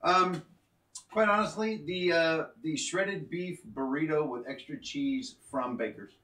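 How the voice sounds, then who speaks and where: A man's voice: fairly high pitch, a little slow, bright, forceful tone. A man co-hosting a live show, chatting casually in a joking, self-mocking way. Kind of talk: casual live-stream chat. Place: indoor room at home. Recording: echoey room, mic at a distance.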